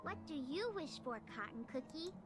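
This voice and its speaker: A bubbly little cookie child chirps in a very high, lively voice. Each line comes out slow and sweet, with clear game music underneath. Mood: cheerful. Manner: bright and bubbly. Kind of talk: game voice acting.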